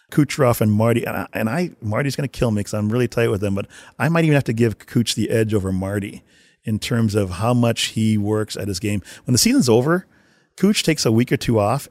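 A man telling casual stories about working in hockey, acting out shouted quotes as he goes. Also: lowish voice, no echo, studio quality. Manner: animated storyteller, acts out shouted quotes. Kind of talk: casual anecdotal storytelling.

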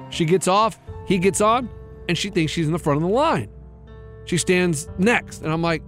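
With faint music behind him, a high-voiced radio co-host in his thirties chats casually at a moderate pace. His story rambles along animatedly as he performs the quotes and voices of its characters.

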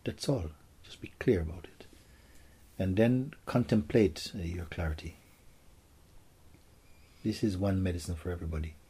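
Casting: deep, warm-toned man as a spiritual teacher, soft and gentle. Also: moderate pace, pauses often, slightly rough. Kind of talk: spiritual Q&A talk.

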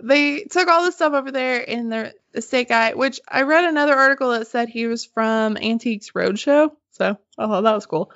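Chatty higher-voiced woman telling a story. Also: normal speed, few pauses, no room sound. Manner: animated, laughs often, swears casually. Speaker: podcast co-host telling a story. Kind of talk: casual storytelling chat. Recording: slightly muffled dry podcast audio.

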